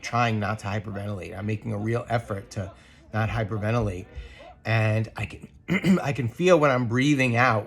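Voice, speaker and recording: A man co-hosting a podcast, sharing a personal reflection in an earnest, thoughtful way, pausing often with ums and restarts. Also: lowish voice, creaky. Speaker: podcast co-host.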